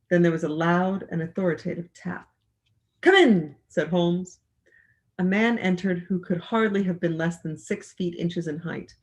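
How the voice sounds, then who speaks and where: A reader who takes a classic detective story aloud at an unhurried pace, tripping over words now and then and going back to fix them. The pitch sits mid-range, and the reading is plain, with no polished narrator's gloss. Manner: reads with frequent slips and restarts. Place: library livestream.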